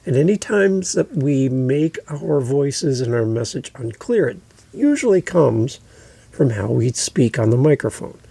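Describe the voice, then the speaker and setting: A man hosting a podcast, giving deliberate instructional advice into a close microphone and repeating his key points. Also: medium pitch, very animated, vocal fry, mellow, breathy edge, no echo. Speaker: podcast host and coach.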